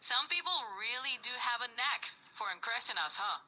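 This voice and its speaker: A woman's voice: a little high, expressive, brisk, sharp tone, poor audio. A woman's voice of an AI voice assistant, agreeable and eager to please, playing through a phone speaker. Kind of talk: voice assistant replies.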